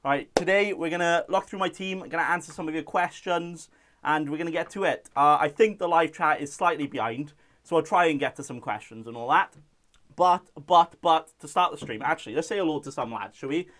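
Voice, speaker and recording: A man's voice: a little high, brisk, a bit bright. Chatty young man streaming. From Wales. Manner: chatty and jokey, reads out chat messages. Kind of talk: casual live-stream chat.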